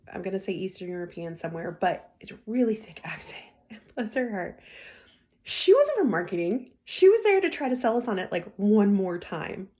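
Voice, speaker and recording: A woman's voice: medium pitch, a little mellow. A woman hosting a podcast, telling stories in a chatty way, laughing often and acting out what people said. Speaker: podcast host. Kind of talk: casual storytelling.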